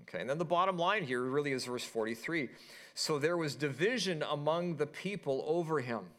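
Man preaching an animated sermon. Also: on the high side, a little fast. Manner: animated storytelling, acting out quoted voices. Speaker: pastor.

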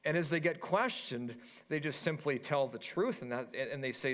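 Man preaching an animated sermon. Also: a little high, moderate pace, few pauses. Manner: animated storytelling, acting out quoted voices. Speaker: pastor.

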